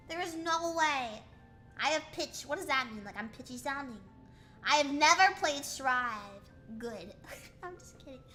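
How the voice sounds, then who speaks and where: Bright high-voiced woman streamer. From United States. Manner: chatty, questioning, playful teasing. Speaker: VTuber streamer. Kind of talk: casual livestream chat reading chat aloud. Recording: faint music behind.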